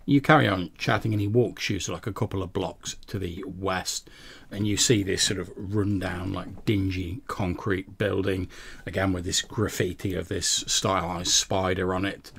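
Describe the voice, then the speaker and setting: A man's voice: low-pitched, steady tone, normal speed, vocal fry, fairly bright tone, a little hiss or hum. A man narrating a tabletop game as game master, with a rambling, descriptive way of talking.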